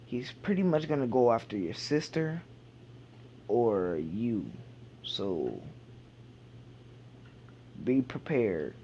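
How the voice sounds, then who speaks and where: A man retells a fan fiction idea in a loose, rambling way, full of fillers and restarts, at an unhurried pace. The recording is muffled and lo-fi, with a faint hiss of ambience behind him. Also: medium pitch, very animated, dark tone. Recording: dull lo-fi home recording.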